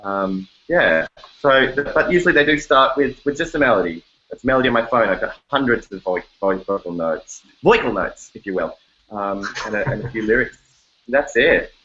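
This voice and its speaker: Speaking at a moderate pace in a lowish voice, an Australian songwriter jokes his way through a casual interview from his home bedroom, chatty and lively, sometimes singing snippets. The audio is muffled with a faint hiss or hum.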